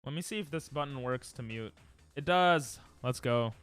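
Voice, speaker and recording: A man streaming live, chatting casually and playfully with his viewers, with sudden loud bursts. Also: medium pitch, normal speed, clean tone, faint music behind. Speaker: livestreamer.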